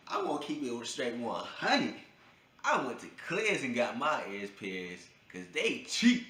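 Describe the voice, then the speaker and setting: A young man casually telling a funny personal story, breaking into high yelps when he acts out his own reactions. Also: huge pitch swings, measured pace, pushed and bright. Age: young adult. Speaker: vlogger. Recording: echoey room with faint ambient noise.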